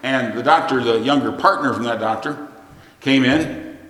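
A man's voice: mid-range voice, normal speed, fairly bright tone. A middle-aged man preaching a sermon, telling a plain-spoken, folksy story. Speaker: pastor. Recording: echoey hall, long reverb.

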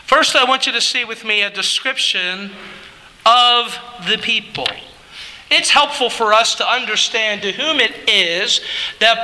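A male pastor preaching a Sunday morning sermon in a church, emphatic, rising to shouts on key phrases and dropping low for the conclusions. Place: church sanctuary. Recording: long hall reverb.

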